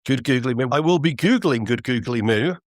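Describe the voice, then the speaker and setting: A man co-hosts a podcast in easy, casual chat, and there's a dry wit running through his delivery. His voice sits at a middling pitch, and the recording is close and dead, with no room sound at all. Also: expressive, brisk, no echo. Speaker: podcast co-host.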